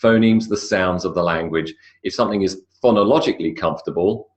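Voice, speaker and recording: Low-voiced Australian man teaching pronunciation. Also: fairly quick, highs cut off. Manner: explanatory, relaxed, with fillers and self-corrections. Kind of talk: recorded online lecture.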